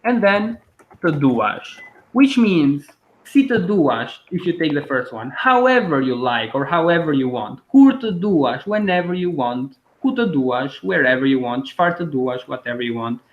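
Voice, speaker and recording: A man gives a language lesson, patiently repeating each word. His voice sits a bit high. The audio is echoey and muffled, like an online class. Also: very animated. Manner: patient, explains and repeats words slowly. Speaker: language teacher.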